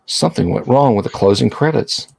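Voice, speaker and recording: A man's voice: medium pitch, lively intonation, creaky, darkish tone, slightly rough. Rambling man hosting a livestream. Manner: rambling, halting with many restarts. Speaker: game master and host. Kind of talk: casual livestream chat.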